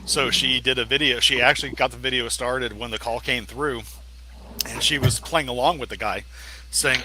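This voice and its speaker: Bright-voiced man chatting and laughing. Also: mid-range voice, fairly even intonation, moderate pace, a little hiss or hum, low-quality recording. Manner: laughing storyteller, mocks scam callers. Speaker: host. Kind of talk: casual chat.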